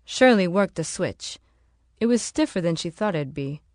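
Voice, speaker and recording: A woman narrating an audiobook in a steady, measured way. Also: on the low side, dry recording, studio quality.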